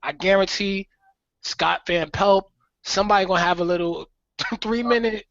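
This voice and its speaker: A man's voice: high voice, moderate pace, creaky, fairly bright tone, no room sound, muffled recording. A man co-hosting a podcast, giving opinionated takes on sports and acting out what others would say. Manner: opinionated, acts out quotes. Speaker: podcast co-host. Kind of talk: casual sports chat.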